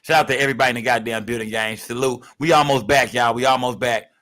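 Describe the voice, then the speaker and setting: A young man hosting a casual livestream, rambling and profane, giving constant shout-outs to his viewers. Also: mid-range voice, steady tone, fast. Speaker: livestream host.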